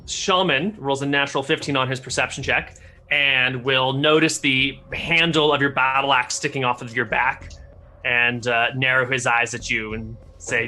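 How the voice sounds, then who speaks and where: A man's voice: medium pitch, moderate pace, soft background music. A man running a tabletop game, describing the scene and the characters' actions. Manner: descriptive, steady narration of scenes. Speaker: game master.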